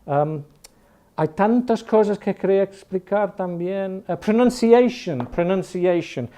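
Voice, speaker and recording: A man in his fifties with an educated Northern English accent teaches an online class in a loose, joking way. His voice sits a little high but sounds warm and mellow. He often stops and restarts mid-sentence. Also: expressive, measured pace. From Northern England. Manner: chatty and jokey, with frequent restarts. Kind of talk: informal online class talk.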